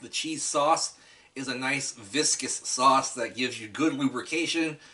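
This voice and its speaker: A man talks eagerly through a food tasting in a casual vlog, speaking straight to his audience. His voice is bright and forward, and he sits a little back from the microphone. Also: mid-range voice, unhurried, distant mic. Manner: enthusiastic, chatty, addresses viewers directly. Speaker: food reviewer.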